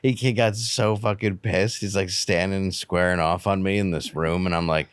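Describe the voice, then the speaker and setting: A middle-aged man from Detroit, a comedian guest chatting casually with wry, deadpan humor. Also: sits low, moderate pace, few pauses, smooth, no echo, studio quality. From Detroit, USA. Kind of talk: casual chat.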